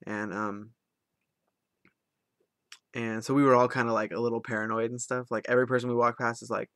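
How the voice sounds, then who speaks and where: A man's voice: medium pitch, little pitch movement, a little fast, a bit bright, dry recording, clean studio sound. A young man telling a long story in a casual vlog, rambling with lots of ums and likes. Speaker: vlogger.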